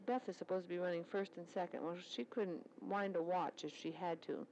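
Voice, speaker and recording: Low-voiced chatty woman on lo-fi tape. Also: brisk, darkish tone, slight background noise. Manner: chatty, rambling storytelling. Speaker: military service club staff worker. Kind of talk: spoken letter recorded on tape.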